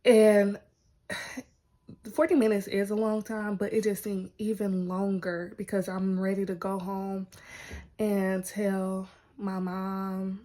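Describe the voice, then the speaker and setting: A woman's voice: medium pitch, flat delivery, slow pace, mellow. A woman telling a personal story to her viewers in a casual vlog, chatty and loose, peppering her talk with "like" and "y'all". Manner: chatty, heavy use of "like" and "y'all". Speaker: vlogger.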